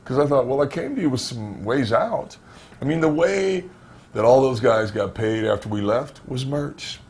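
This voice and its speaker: A man, a former pro wrestler, telling backstage stories in a candid interview, animated and conversational, acting out the exchanges he recounts. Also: medium pitch, normal speed. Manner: animated, acts out dialogue in anecdotes; frequent fillers and restarts, conversational. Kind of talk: storytelling shoot interview.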